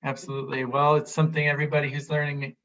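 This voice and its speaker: A man's voice: fairly high pitch, completely flat delivery, rapid-fire, fairly bright tone. A man hosting a live stream interview over a video call, friendly and encouraging with frequent backchannels. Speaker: host. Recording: dull lo-fi sound.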